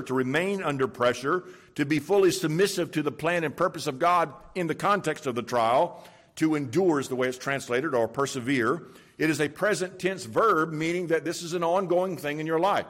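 A man's voice: on the high side, a bit bright. A man preaching a sermon in a conversational, storytelling way, stressing points by repeating them. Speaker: pastor.

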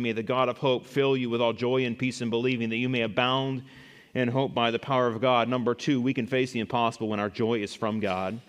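A man preaching a sermon as pastor, repeating words and rising loud and high when he quotes scripture. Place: church. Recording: long reverb in a church hall.

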